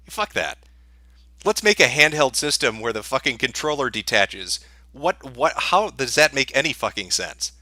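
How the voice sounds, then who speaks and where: A man's voice: mid-range voice, very animated, normal speed, sharp tone, no room sound, clean studio sound. A man answering viewer questions on a livestream in a sarcastic, profane, dismissive rant.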